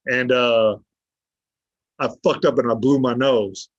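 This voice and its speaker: A man's voice: mid-range voice, steady tone, slow, no echo. A man guest on a podcast telling a story, blunt and swearing freely, acting out what others said to him. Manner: blunt, heavy swearing, acts out quoted dialogue. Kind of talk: casual storytelling. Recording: dull lo-fi dry sound.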